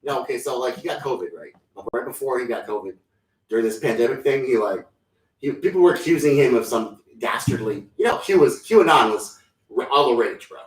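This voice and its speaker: A man's voice: mid-range voice, expressive, fairly quick. Rambling slangy man in an echoey room. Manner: rambling, slangy, tosses in silly impressions. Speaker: podcast co-host. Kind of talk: casual comedic chat. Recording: echoey room, mic at a distance.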